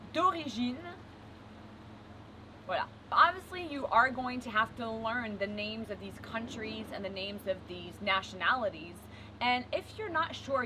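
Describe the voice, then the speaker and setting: A native French woman with a French accent gives an upbeat video lesson in a fairly high voice, trading English explanation for spoken French examples. Steady background noise sits under her voice. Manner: lively, switches between English and French example phrases. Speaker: French teacher.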